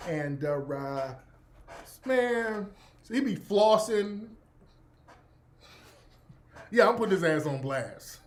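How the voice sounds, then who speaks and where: A middle-aged man hosting his own radio show, telling a profane, animated story in a casual monologue and breaking into laughter. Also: high voice, slow pace, long pauses.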